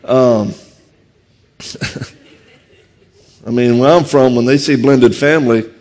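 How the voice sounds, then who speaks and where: A man with a thick Louisiana accent tells stories from a stage, quick and animated. His voice sits at an ordinary middle pitch, and he pokes fun at himself as he talks. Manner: fast, animated, self-deprecating. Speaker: martial arts instructor and speaker. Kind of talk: humorous storytelling talk. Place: on stage before an audience.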